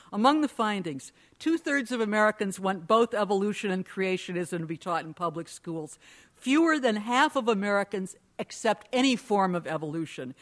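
A woman delivering a prepared debate speech in a measured, pointed, argumentative way. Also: medium pitch. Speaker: debate speaker.

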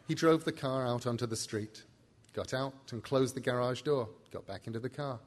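A man narrating a novel in an easygoing reading voice. He now and then steps out of the story for a quick aside to the listener. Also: medium pitch, big-room sound, slight background noise. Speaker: audiobook reader.

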